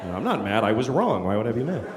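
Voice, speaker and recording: A middle-aged man performing a stand-up comedy set on a theater stage, telling an exasperated story and acting out shouting characters. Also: on the low side, very animated, fast talker, slight background noise. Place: large theater stage before a live audience. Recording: reverberant theater, loud crowd laughter. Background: audience laughter.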